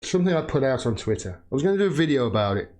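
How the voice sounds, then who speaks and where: A man's voice: mid-range voice, big pitch swings, rapid-fire, darkish tone. A British man in his forties hosting a political livestream, ranting angrily with frequent swearing and bursts of laughter. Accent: British English. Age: 40s. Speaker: political YouTube host.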